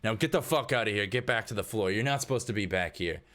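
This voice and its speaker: A man putting on a gruff, foul-mouthed casino back-room manager who barks orders and swears freely. The voice sits low and deep. It is a tabletop game character. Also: fast talker, fairly bright tone, close to an everyday voice. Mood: angry. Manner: profane, brusque.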